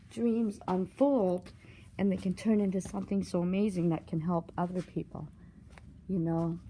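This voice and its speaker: A woman giving a walking vlog tour, talking in a slow, earnest, spiritual way and getting choked up at times. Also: mid-range voice, warm tone, a little hiss or hum, rough recording. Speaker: vlogger touring a site. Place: outdoor art site with walk-through rooms.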